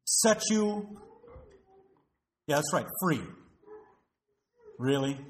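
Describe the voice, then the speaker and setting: A man preaching a sermon as pastor, emphatic and full of rhetorical questions to the congregation, recorded in a church. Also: sits high. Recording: roomy echo.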